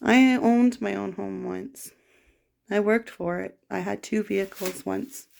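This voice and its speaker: A middle-aged woman from Canada in an emotional personal monologue, rambling, raw and halting. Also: medium pitch, steady tone, gravelly, a little mellow. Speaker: vlogger.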